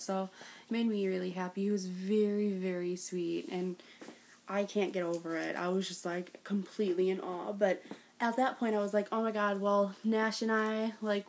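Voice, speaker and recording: A young vlogger with a medium-pitched voice recounts meeting fans at a meet-and-greet, gushing breathlessly and packing in "like" and "oh my God." She bursts into giggles as she retells it, with slight background noise behind her.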